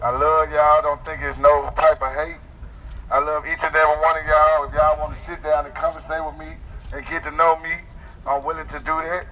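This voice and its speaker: A man's voice: on the high side, flat delivery, fairly quick, bright, forceful tone, dull audio. A man giving a friendly, plain-spoken address to protesters outdoors. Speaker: protest organizer. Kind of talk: speech to a crowd. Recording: distant mic with street noise.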